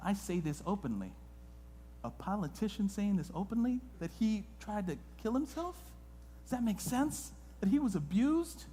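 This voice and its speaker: A man preaching a sermon as a guest pastor in a church, moving between hushed and loud, impassioned delivery. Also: high voice. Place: church sanctuary. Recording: long reverb of a church hall.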